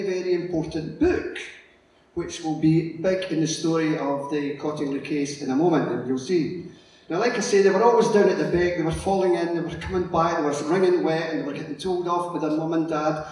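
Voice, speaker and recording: A middle-aged man giving a lively, storytelling conference talk and acting out the characters. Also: a little high. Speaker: conference speaker. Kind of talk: illustrated public lecture. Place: conference hall. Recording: echoey hall, distant mic, faint noise.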